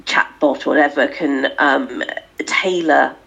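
Low, gravelly-voiced woman guest. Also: slow, a bit bright, poor audio. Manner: hesitant, many fillers. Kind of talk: casual conversation.

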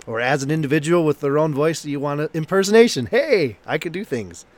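A man's voice: fairly high pitch, expressive, fairly quick. A man hosting a podcast, chatting casually and laughing at himself as he reads listener mail. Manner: laughing, self-deprecating. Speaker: podcast host.

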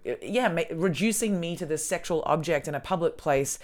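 Low-voiced Australian woman, blunt and casual. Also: quick pace, hardly any pauses. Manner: blunt, swears freely, animated when angry. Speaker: podcast host, comedian. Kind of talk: casual chat.

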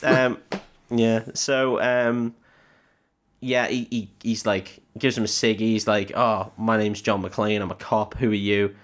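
A young adult man co-hosts a podcast, animatedly recapping a film in casual chat and acting out its lines. His voice is lowish and slow, with little pitch movement.

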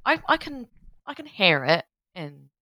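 A woman co-hosting a podcast in casual chat, halting and trailing off quietly. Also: mid-range voice, sing-song, no room sound.

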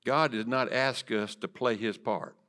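Man, pastor, preaching in church, mid voice, loud-to-whisper dynamics. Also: mid-range voice, steady tone, measured pace. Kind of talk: sermon. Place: church sanctuary.

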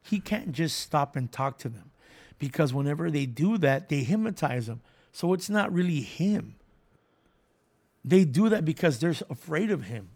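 Man, gravelly voice, slightly high pitch, animated storyteller, casual swearing. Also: normal speed. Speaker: podcast co-host. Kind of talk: casual chat retelling a story.

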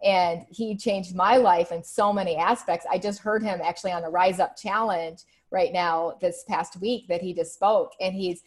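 Woman podcast host, enthusiastic and encouraging, low-pitched voice. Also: steady tone, moderate pace, hardly any pauses. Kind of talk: casual interview chat.

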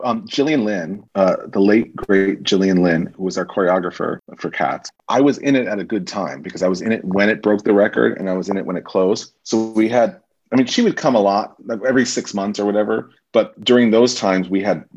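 A man guest on a podcast, telling stories from his acting career in a lively, casual way and acting out the people he quotes. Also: on the low side, brisk, slightly rough. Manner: animated storyteller, acts out quoted voices. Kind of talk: casual storytelling interview. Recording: muffled lo-fi recording.

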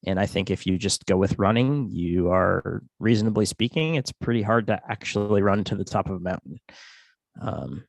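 Low-voiced man rambling on a podcast. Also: moderate pace, vocal fry, no echo. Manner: rambling, with restarts and self-corrections. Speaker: podcast co-host. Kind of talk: casual chat.

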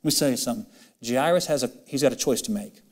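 A male pastor preaching a sermon and reading scripture. He is impassioned, and his voice climbs high on emphatic questions. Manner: reads old-style scripture in a quick, steady run.

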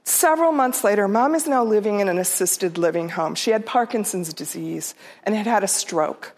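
A middle-aged woman telling a personal story to an audience, heartfelt and unhurried, sometimes dropping to a soft near-whisper. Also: medium pitch, animated. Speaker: storyteller speaker.

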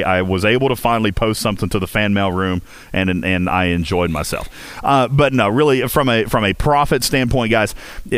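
A man's voice: lowish voice, smooth, no echo. A man hosting a game community voice chat, talking casually with lots of fillers, restarts and jokes. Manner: chatty, jokey, heavy fillers and restarts. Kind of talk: casual rambling talk to listeners.

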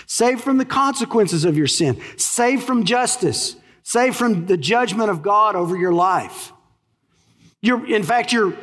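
A man's voice: sits high, in a large hall. A man with a Texan accent preaching a sermon. He speaks with emphasis, asking the congregation questions and then answering them himself. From Texas. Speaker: pastor.

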